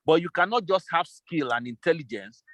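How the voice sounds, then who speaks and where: A man's voice: fairly high pitch, lively intonation, brisk, no room sound. A man, a business consultant, answering interview questions over a remote call, laying out his points step by step. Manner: methodical, lays out scenarios step by step.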